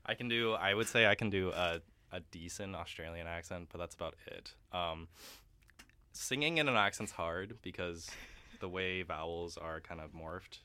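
A man's voice: sits low, moderate pace, sharp tone, clean tone. A young man, a guest opera singer, chatting casually in a radio interview, laughing often and using many fillers.

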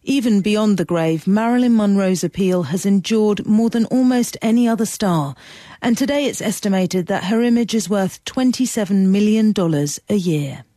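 A woman giving scripted documentary narration in a measured, even manner. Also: mid-range voice, dry recording, studio quality.

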